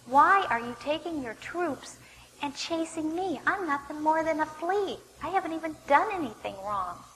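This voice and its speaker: A woman's voice: high-pitched, lively intonation, moderate pace, a bit bright, pitched above the performer's own voice. A woman voicing a young male king who earnestly pleads his innocence, as she retells a Bible story. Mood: pleading. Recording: long hall reverb, faint background noise.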